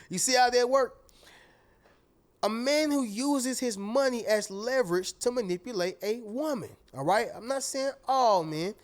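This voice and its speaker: A man giving a conversational motivational talk to his viewers, repeating key phrases for emphasis and calling them "y'all" and "family". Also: sits high. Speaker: motivational speaker.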